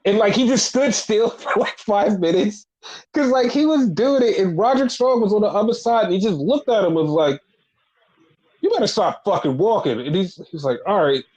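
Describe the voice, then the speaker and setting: A man talks casually as a podcast co-host, his pitch swinging widely and sitting fairly high. He swears freely and acts out quoted lines in exaggerated mocking voices. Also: expressive, fairly quick, a little mellow, dull audio. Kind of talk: casual chat.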